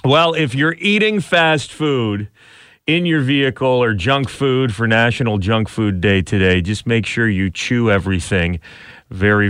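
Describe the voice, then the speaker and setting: A man in his thirties hosting a casual talk show. His pitch swings widely as he tells animated stories and laughs through them. The sound is close and dry. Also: clear, resonant tone, no echo. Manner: animated storyteller, laughs often, acts out his child's lines. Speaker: radio show host. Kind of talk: casual morning show banter.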